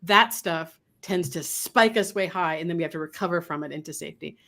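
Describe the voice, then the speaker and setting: A woman's voice: fairly low pitch, a little fast, bright, forceful tone. A woman speaking as a guest dog trainer in a casual interview, talking animatedly and acting out quoted voices.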